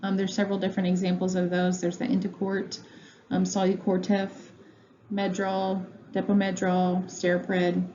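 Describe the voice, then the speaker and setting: In a home room, a female pharmacy instructor records a lecture in a medium-pitched, mellow voice that stays completely flat at a moderate pace. Her talk is casual and full of ums and uhs, captured in dull lo-fi sound with slight noise.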